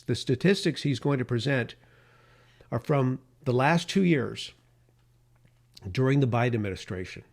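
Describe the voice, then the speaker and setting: Middle-aged male talk host, passionate podcast monologue, mid-range pitch. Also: a little mellow. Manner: impassioned, emphatic. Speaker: radio talk show host.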